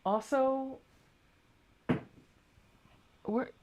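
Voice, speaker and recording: A woman's voice: high-pitched, fairly even intonation, extremely slow, background noise. Woman host from Virginia, casual home sewing livestream, talkative, self-correcting. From Virginia, USA. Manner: chatty, laughs easily, corrects her own wording mid-sentence. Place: home sewing room, indoors.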